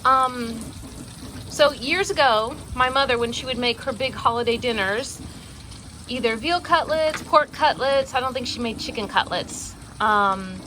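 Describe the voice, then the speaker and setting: A chatty woman with a bright, fairly high voice talks through a home cooking session, rambling with fillers. Faint background noise sits under her voice. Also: measured pace. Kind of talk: casual cooking vlog chat. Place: kitchen, then outdoor backyard kitchen.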